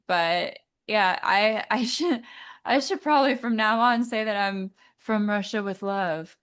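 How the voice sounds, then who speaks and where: A woman singer as an interview guest, talking thoughtfully with many pauses and fillers. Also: medium pitch, a bit bright, smooth. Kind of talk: casual interview chat.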